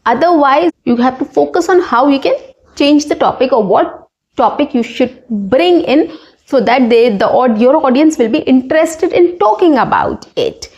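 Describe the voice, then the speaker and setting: A woman's voice: sits high, lively intonation, normal speed, darkish tone, muffled recording. A woman teaching an English speaking lesson, explaining step by step and checking in with "okay" and "right".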